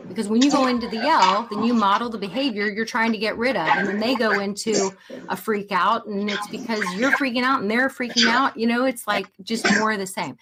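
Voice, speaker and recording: Woman, parenting coach, webinar, chatty, animated, mid pitch, faint background noise. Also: moderate pace. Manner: chatty, animated, talks straight to the audience. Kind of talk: live webinar teaching.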